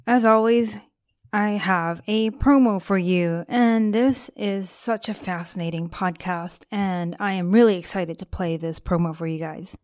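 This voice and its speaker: A woman's voice: mid-range voice, a little slow, a little mellow, no room sound, clean studio sound. A woman hosting her own podcast, chatting in an upbeat way to her listeners. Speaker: podcast host. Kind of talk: casual podcast talk.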